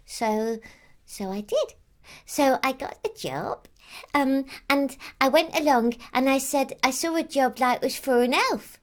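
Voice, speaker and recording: A woman's voice: sits high, unhurried. Woman doing a chatty, innocent Christmas elf. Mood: rambling. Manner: rambling, childlike, full of "like" and "um". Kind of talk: character monologue to camera.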